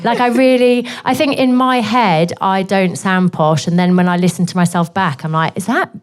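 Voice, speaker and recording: A woman's voice: medium pitch, fairly even intonation, normal speed, slight background noise. A woman from Northeast England with a posh southern English accent, speaking as a guest author and answering audience questions candidly at a live bookshop event. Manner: candid, chatty, full of self-deprecating asides.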